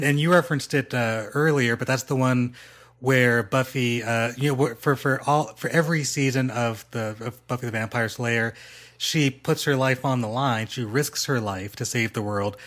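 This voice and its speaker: Male podcast host; calm, considered delivery, mid voice, builds his points slowly. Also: medium pitch. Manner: measured, thoughtful, repeats words as he builds a point. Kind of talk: casual chat.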